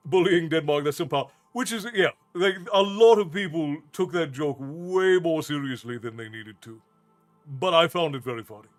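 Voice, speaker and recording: Host man, live-stream chat, rambly and self-amused, somewhat high, soft music under. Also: moderate pace. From United States. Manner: reads and answers viewer chat. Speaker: storytelling streamer.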